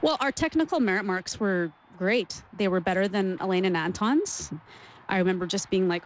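A woman in her forties, a former athlete telling her story in an interview, warm and emotional, sometimes laughing as she remembers. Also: fairly low pitch, steady tone, normal speed. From Canada. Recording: dull lo-fi sound.

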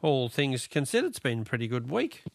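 A man's voice: mid-range voice, big pitch swings, brisk, gravelly, no room sound. A middle-aged Australian man hosting a talkback radio quiz, chatty and joking with callers. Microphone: studio microphone.

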